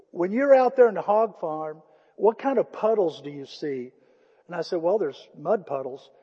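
A man preaching a sermon, retelling a story with lively acted-out dialogue and dropping to a hushed voice for emphasis. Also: high voice, slightly rough. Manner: storytelling, swings from loud animated retelling to hushed quiet emphasis. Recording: muffled, long-reverb hall recording.

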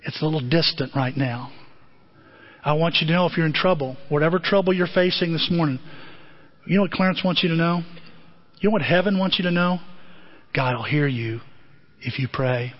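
A man preaching a sermon, asking the congregation questions and swinging from hushed tones to excited exclamations. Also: a little high, a little fast, long pauses. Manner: speaks directly to the congregation with rhetorical questions. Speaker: pastor. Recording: dull lo-fi sermon audio.

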